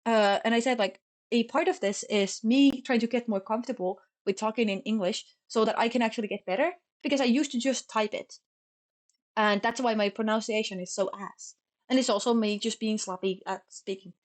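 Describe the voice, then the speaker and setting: Fast-talking Finnish-accented young woman. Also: on the high side. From Finland. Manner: fast, sloppy talker who stumbles over words. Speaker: streamer. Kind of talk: casual chat.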